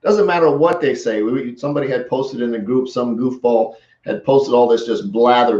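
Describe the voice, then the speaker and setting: A middle-aged man talks through sales tactics in a loose, conversational way, now and then slipping into the replies he would give a prospect. His voice sits at an average pitch, and the sound is roomy and a little muffled. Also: steady tone, brisk, hardly any pauses, darkish tone. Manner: conversational, acts out sample replies. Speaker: sales coach. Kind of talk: casual coaching talk. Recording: roomy, slightly dull audio.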